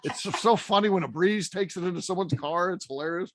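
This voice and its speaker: A man's voice: high voice, fast, fairly bright tone, dry recording. A male host in casual banter, teasing his co-hosts with a joking manner. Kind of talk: casual radio chat.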